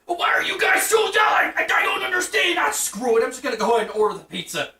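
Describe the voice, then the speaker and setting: A woman acting out cartoon roommates who cannot stop screaming at each other. The voice is high and sharp, and the pitch jumps all over. It is recorded from a distance in an echoey room. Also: big pitch swings, fast talker, full character voice. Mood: yelling. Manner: yelling nonstop, frantic and argumentative. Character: screaming young roommates in a petty feud.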